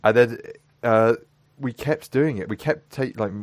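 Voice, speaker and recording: A man in his twenties hosting a casual chat, telling animated stories and acting out voices. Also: mid-range voice, a little slow, no echo. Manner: animated storyteller, acts out voices, laughs often. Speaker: podcast host.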